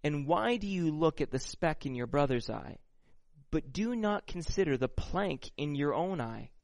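Slow, conversational pastor man. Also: on the high side, animated, creaky, darkish tone, no echo. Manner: conversational, asks "right?" often; slow, deliberate reading of scripture. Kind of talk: sermon.

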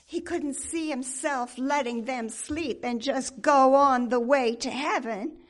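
Woman preacher, high-voiced, dramatic sermon storytelling. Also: takes it slowly.

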